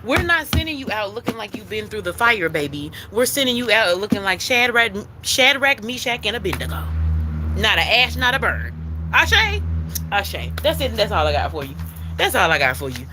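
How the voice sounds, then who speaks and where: A woman's voice: medium pitch, sing-song, fairly quick, over music, poor audio. A woman giving a spiritual tarot reading, emphatic and repetitive, who calls the listener baby and swears casually. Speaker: intuitive card reader.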